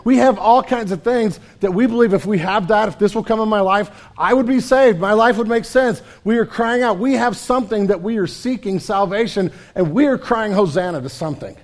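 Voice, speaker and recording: A man preaching a conversational sermon as a pastor, often dropping to a quiet, low delivery. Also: lively intonation, moderate pace.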